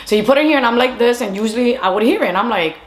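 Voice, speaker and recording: A young adult woman telling a casual storytime monologue, animated and chatty, slipping between English and Spanish. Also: fairly high pitch, racing. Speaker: storyteller vlogger. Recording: echoey room.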